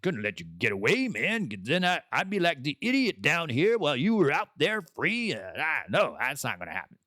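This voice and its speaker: Man doing a resentful trapped lobster, defensive and petty, lively up-and-down voice, in a dry close-up sound with no room echo. The lobster sounds a little higher than the man's usual talk. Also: fairly quick, heavily acted. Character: grudging male lobster in a trap.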